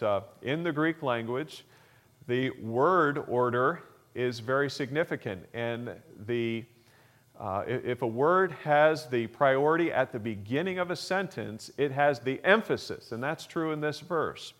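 A man's voice: medium pitch, expressive, normal speed, fairly bright tone. Man preaching an emphatic sermon. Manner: emphatic preaching with frequent uh fillers and restarts. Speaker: pastor.

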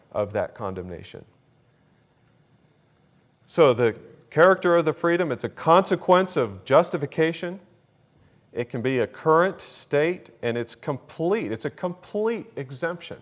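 A man preaching a sermon, slow and deliberate, repeating key phrases for emphasis. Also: mid-range voice. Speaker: pastor.

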